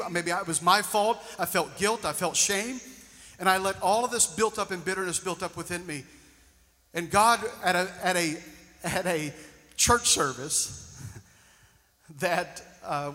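A male pastor preaching a sermon, moving between loud emphatic lines and hushed storytelling. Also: high voice. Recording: long reverb of a large hall.

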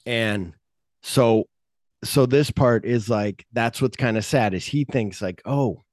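A man's voice: mid-range voice, slow pace, darkish tone, no echo, clean studio sound. A man hosting a podcast, casually retelling movie scenes and acting out the lines he quotes. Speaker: podcast host. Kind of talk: casual film discussion.

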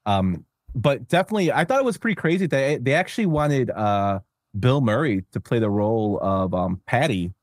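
A man hosts a casual podcast, rambling along with plenty of filler words. His pitch sits in an ordinary middle range, and the sound is close and dry with no room echo. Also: big pitch swings, normal speed. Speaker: podcast host. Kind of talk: casual chat.

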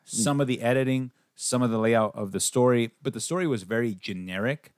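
A man's voice: mid-range voice, brisk, clear, resonant tone, no echo, studio quality. A man casually chatting on a podcast, reviewing a film with a lot of swearing and acting out the characters' lines. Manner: profane, animated, acts out characters' lines. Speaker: podcast host.

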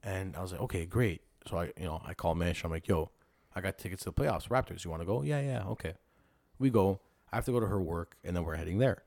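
A man in casual chat who tells animated stories and swears often. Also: low voice, fast, vocal fry, dry recording.

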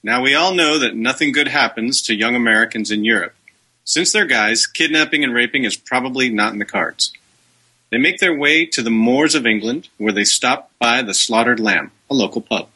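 Husky wry podcast co-host man. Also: medium pitch, moderate pace. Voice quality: wry, deadpan jokes. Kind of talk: casual chat and plot recap.

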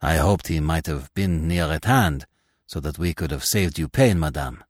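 A man reading aloud, voicing an excitable and formal magistrate in a mystery story. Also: extremely low pitch, normal speed, no room sound, clean studio sound. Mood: urgent. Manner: urgent, formal. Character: excitable, officious male magistrate.

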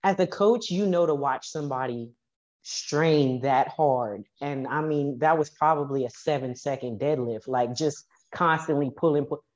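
A woman powerlifting coach, a podcast guest, telling stories in a lively, animated way and acting out what people said. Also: sits low, moderate pace, muffled recording. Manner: animated, acts out quoted dialogue. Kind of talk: casual storytelling interview.

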